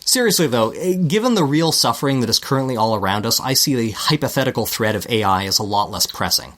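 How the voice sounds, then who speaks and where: A man's voice: medium pitch, animated, fast, a bit bright. A man with a Canadian accent, a podcast co-host reading a scripted segment with dry, self-deprecating asides.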